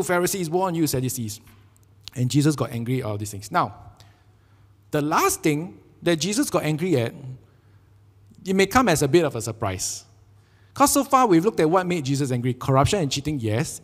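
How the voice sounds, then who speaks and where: Singaporean man preaching, slightly high voice. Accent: Singaporean English. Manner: animated storytelling with frequent "right?" tags. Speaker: pastor. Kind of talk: sermon. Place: church sanctuary. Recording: long church hall reverb.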